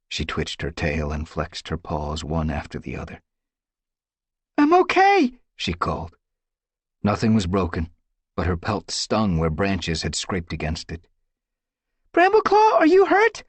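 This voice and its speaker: A man with a husky voice reading an audiobook with dramatic, tense storytelling. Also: low-pitched, dry recording. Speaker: audiobook narrator. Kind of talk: dramatic scripted narration.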